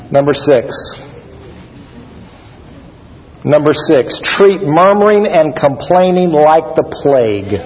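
A man preaching a sermon to a congregation, animated, acting out scenes with shouts and laughs. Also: a little high. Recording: dull sound with long hall reverb.

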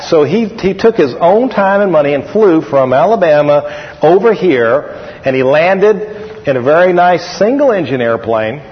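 A middle-aged man preaches a folksy sermon and calls on the congregation. His voice sits a bit high. The recording is muffled, with a long hall reverb. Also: animated, moderate pace. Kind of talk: sermon storytelling. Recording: dull echoey hall recording.

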